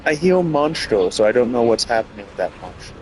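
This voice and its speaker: A man's voice: mid-range voice, very animated, brisk, a little hiss or hum. A man streaming a video game, rambling casually through a long train of thought with lots of filler words. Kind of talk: casual rambling commentary over gameplay.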